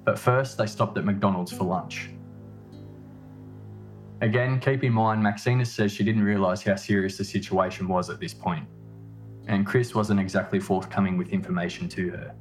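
A man reading a scripted narration in a measured, matter-of-fact way. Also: on the low side, steady tone, faint music behind. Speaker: podcast narrator.

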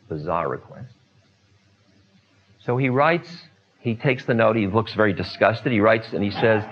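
An older man in a relaxed storytelling talk, unhurried, trailing off into fillers and asides as a spiritual teacher. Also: on the low side, dull audio. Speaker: spiritual teacher telling stories.

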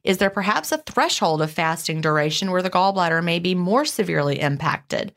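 A female podcast co-host with a mid-range voice chats animatedly, peppering her talk with "you know" as she reads out listener questions.

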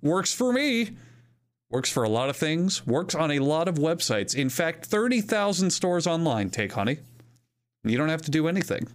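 A man's voice: fairly high pitch, expressive, normal speed. A young man hosting a podcast, reading sponsor ads in a playful, rambling, joking way. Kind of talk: comedic ad read.

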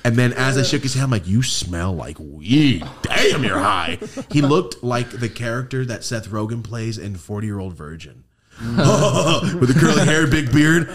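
A man's voice: medium pitch, animated, moderate pace. A man hosting a podcast, telling a story with lots of swearing and acted-out quotes. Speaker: podcast host. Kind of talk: casual storytelling chat.

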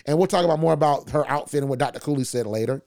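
A man hosting a podcast, giving an animated casual recap of a TV show, often restarting his sentences. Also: medium pitch, racing, creaky. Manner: animated, frequent restarts and "you know what I'm saying". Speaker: podcast host reviewing a TV show. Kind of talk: casual solo commentary.

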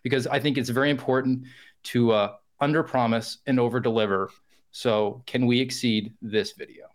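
A man's voice: mid-range voice, steady tone, moderate pace. A man filling in as podcast host, talking in a chatty, self-deprecating way with frequent fillers. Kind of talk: casual podcast monologue.

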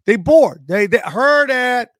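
A man's voice: extremely high pitch, lively intonation, slow, fairly bright tone, no echo, studio quality. A man ranting profanely in casual podcast chat, stumbling and restarting his sentences.

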